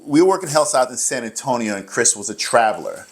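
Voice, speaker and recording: A man's voice: medium pitch, very animated, quick pace, breathy edge. A middle-aged man, a rehab clinic director, chatting as an interview guest, telling rambling stories, laughing often and acting out quoted dialogue. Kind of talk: casual interview storytelling.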